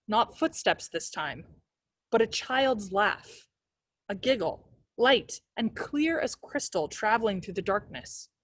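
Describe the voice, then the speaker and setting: A woman's voice: mid-range voice, dry recording. A woman reading a novel aloud as a librarian, telling the first-person story expressively.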